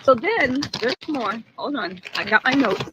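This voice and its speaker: A woman's voice: a little high, animated, measured pace, noisy background. A woman hosting a live stream, animatedly retelling court proceedings and reading out viewer comments, talking outdoors in the rain. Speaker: livestream host. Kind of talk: live recap of a trial.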